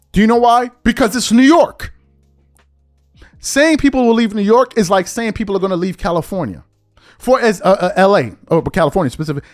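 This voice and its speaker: A man hosting a podcast, delivering an exasperated opinion rant full of repeated rhetorical questions. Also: sits high. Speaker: podcast host.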